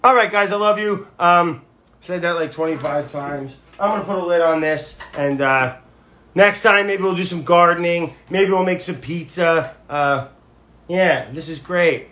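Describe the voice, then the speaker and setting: Streaming casually from home through a phone, a male cooking host rambles restlessly and keeps switching topics. He sounds a little high, bright and forceful, yet unhurried.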